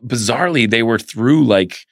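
A man interviewed as a filmmaker, telling anecdotes with animated energy and acting out the voices of the people in them. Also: mid-range voice, normal speed, dry recording, clean studio sound. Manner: animated storyteller, acts out quoted voices. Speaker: guest filmmaker. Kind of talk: casual interview storytelling.

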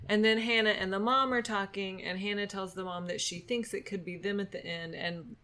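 A woman's voice: medium pitch, fairly even intonation, a little fast, sharp tone. A woman co-hosting a podcast, chatting casually and joking with frequent laughs. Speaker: podcast co-host. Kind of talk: casual chat recapping a dating show.

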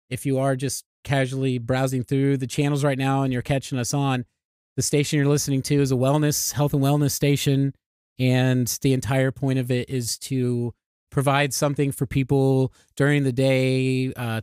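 A man's voice: medium pitch, a little mellow, smooth, no room sound, clean studio sound. A man co-hosting a podcast, talking casually and upbeat, laughing often and restarting his sentences. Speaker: podcast co-host.

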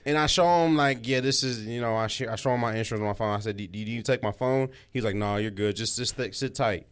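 Animated young man telling a story. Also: mid-range voice, quick pace, smooth. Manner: animated, laughing, acts out other voices. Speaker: podcast host. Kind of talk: casual storytelling among friends.

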